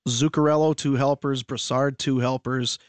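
Male sports radio host, mid-range, slightly hoarse, dry booth, quick stat recaps. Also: mid-range voice, fairly even intonation, no room sound. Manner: chatty, rattles off scores and stats. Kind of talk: casual radio banter and hockey recap.

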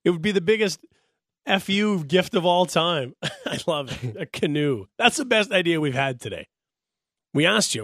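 A man hosting sports talk radio from a studio mic, joking and animated. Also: a little high, moderate pace, dry recording. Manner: joking, animated, laughs often. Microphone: studio microphone.

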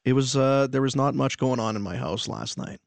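A man co-hosting sports radio with a slightly hoarse voice, chatting casually and rattling off hockey scores. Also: mid-range voice, a little fast, dry recording.

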